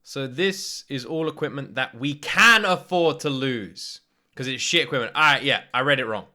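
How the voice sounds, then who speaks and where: A British man hosting an anime reaction, talking in an animated, swearing, off-the-cuff way. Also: mid-range voice. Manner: animated, swears freely, quick asides and laughs. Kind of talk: casual reaction commentary.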